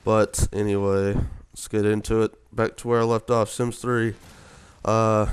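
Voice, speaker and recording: A man's voice: fairly low pitch, level tone, measured pace, clear, resonant tone. A young man giving casual, rambling commentary over gameplay, sleepy from just waking up, with many fillers. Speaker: gaming video commentator.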